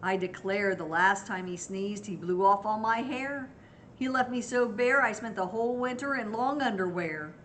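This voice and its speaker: A woman's voice: mid-range voice, normal speed, a bit bright, a little hiss or hum, natural voice. An older woman voicing an indignant bear in a storybook, complaining about unfairness. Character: indignant hairless male bear.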